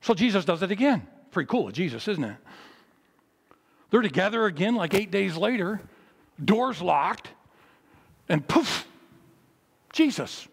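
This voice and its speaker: A man preaching in a chapel in a fairly high voice with a gravelly, husky grain. He tells the story in an animated way, rising loud and then falling low and quiet. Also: moderate pace, pauses often, long reverb tail. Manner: animated storytelling with big swings in pitch and loudness. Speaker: pastor. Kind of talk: sermon at a memorial service.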